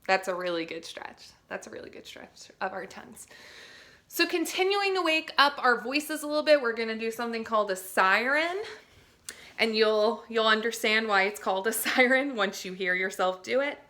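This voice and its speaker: Leading a group of young students, this young teaching artist runs a playful warmup for body and voice and demonstrates each sound. Her voice is on the high side and expressive, at normal speed.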